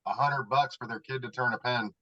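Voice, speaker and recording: A man's voice: mid-range voice, fairly even intonation, fairly quick, bright, forceful tone, no echo. A man in a casual club chat, loose and profane, laughing as he tells stories over a video call. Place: home garage. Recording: dull lo-fi video call audio.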